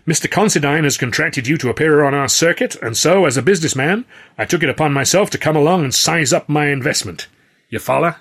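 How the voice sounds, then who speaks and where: A man's voice: fairly high pitch, animated, fast talker, a bit bright, slightly rough, pitched above the performer's own voice, heavily acted. A man voicing a powerful, menacing male city boss who speaks with false courtesy and veiled threats. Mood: falsely courteous.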